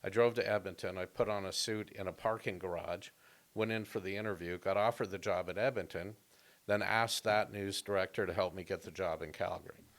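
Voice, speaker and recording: Lowish voiced comedian guy telling stories on a podcast, joking around. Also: brisk. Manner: storytelling, animated and joking. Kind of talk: casual podcast conversation.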